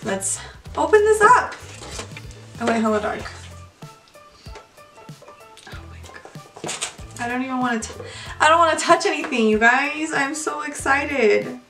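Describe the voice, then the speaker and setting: Excitable young woman unboxing, echoey room. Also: high voice, normal speed. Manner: gushing, excitable, talks to viewers. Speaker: beauty vlogger. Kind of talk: casual unboxing chat. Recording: echoey room, mic far off, music behind.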